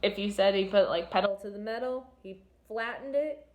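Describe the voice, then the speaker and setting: A woman's voice: mid-range voice, dull audio. Woman teacher, reads a chapter aloud, chatty asides, quizzes the class. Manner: chatty, asks students questions, pauses to explain figurative language. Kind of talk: reading a novel aloud to a class with commentary.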